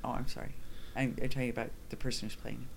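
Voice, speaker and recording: A man chiming in casually with short questions and quick apologies. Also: medium pitch, little pitch movement, gravelly, a little hiss or hum. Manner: brief interjections and apologies. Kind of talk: casual chat.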